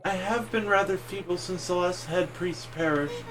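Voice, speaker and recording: A man voicing a feeble young female shrine priestess in an improvised high voice while reading game dialogue. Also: normal speed, music in the background, lightly acted. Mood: earnest. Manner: improvised falsetto, polite and formal. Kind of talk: let's play character reading.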